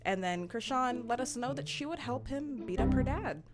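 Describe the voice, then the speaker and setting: A woman's voice: fairly high pitch, expressive, moderate pace. A woman recapping a reality show in casual commentary, playful and blunt, laughing often and dropping slangy asides. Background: background music.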